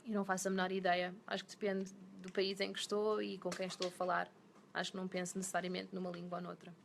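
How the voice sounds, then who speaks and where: A woman's voice: lowish voice, monotone, rapid-fire, gravelly, background noise. A woman in her thirties, an actress, chatting casually in a live stream, reading fan comments aloud and switching between English and Portuguese.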